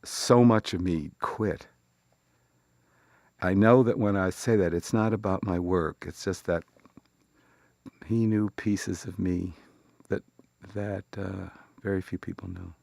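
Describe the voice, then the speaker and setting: Gravelly older man telling a memory. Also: low voice, fairly even intonation, a little mellow, no room sound, clean studio sound. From Chicago. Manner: reflective, halting, tender. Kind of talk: personal storytelling.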